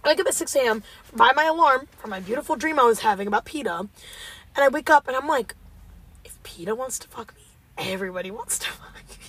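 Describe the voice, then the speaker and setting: A woman's voice: on the high side, fast talker, husky. A young woman hosting a podcast, chatting casually and telling stories with giggles. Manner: giggly, animated storytelling. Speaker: podcast host. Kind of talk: casual chat.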